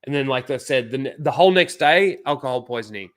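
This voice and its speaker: A man's voice: mid-range voice, expressive, fast talker, a bit bright. A young Australian man, the show's host, telling a rambling, profane story in casual chat, full of fillers.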